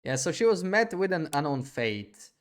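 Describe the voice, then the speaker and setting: A man's voice: a little high, big pitch swings, moderate pace, smooth. A young adult man streaming a game live, thinking aloud in a hesitant, rambling way with frequent restarts.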